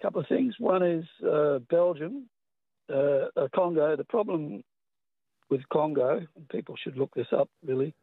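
Rambling Australian caller on phone line. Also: male voice, on the high side, lively intonation, moderate pace, creaky, breathy edge, dry recording. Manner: rambling, hesitant.

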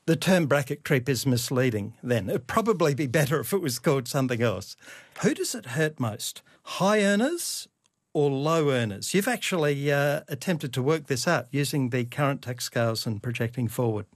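A man hosting a radio interview, asking questions in a measured way. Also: medium pitch, expressive, dry recording, studio quality. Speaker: radio host.

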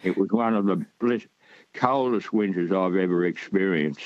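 A man's voice: low-pitched, normal speed, lo-fi sound, slight background noise. A man from Australia calling in to a radio show, talking in a rambling, hesitant way with many fillers. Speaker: caller. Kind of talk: radio call-in chat.

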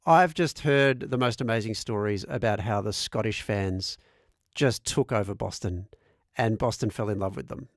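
A man's voice: medium pitch, gravelly, no room sound, studio quality. A man hosting a radio show, chatting casually and joking with a correspondent. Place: radio studio. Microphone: studio mic.

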